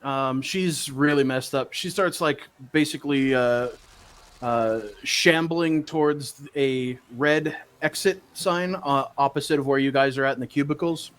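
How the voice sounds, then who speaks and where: A man narrates a tabletop game as its game master. He rambles and pads his lines with fillers, and his voice sits at an ordinary middle pitch. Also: unhurried, fairly bright tone.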